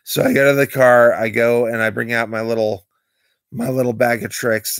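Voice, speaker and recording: Gravelly man rambling on a late-night stream. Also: medium pitch, brisk, dry recording, clean studio sound. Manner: rambling, candid storytelling. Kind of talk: late-night livestream monologue.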